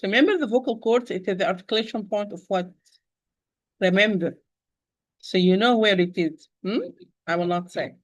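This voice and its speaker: A woman teaching Quran recitation in an online lesson, patiently repeating points and addressing her listeners as dear sister. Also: medium pitch.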